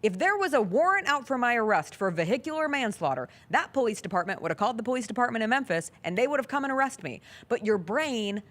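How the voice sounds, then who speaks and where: Very animated and a little high-pitched, this woman's bright voice races along with hardly any pauses. Hosting a sports talk show, she tells a long story casually and earnestly, performing its dialogue.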